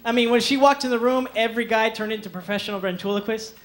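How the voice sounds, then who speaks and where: A young man of Mexican heritage with a high-pitched voice does an animated stand-up set on a club stage, quickly switching into voices for the people he quotes. He uses a handheld stage mic, and audience laughter sounds behind him.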